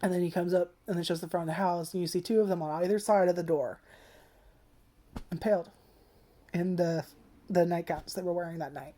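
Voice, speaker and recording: A woman talks straight to the camera in a loose, rambling vlog review. Her voice sits a little low and sounds soft and mellow. She swears freely, leans on "like" constantly, and gets emotional as she goes. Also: steady tone, a little fast, pauses often. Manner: rambling and profane, heavy use of "like"; emotional, tearful at times. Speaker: anime reviewer.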